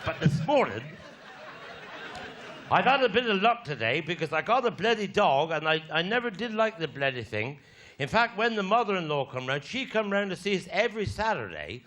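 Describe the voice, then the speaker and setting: A man's voice: fairly high pitch, sing-song, moderate pace, a bit bright. A man with a Cornish accent telling bawdy stand-up stories in a broad, yarn-spinning way. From Cornwall. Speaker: stand-up comedian. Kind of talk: stand-up storytelling.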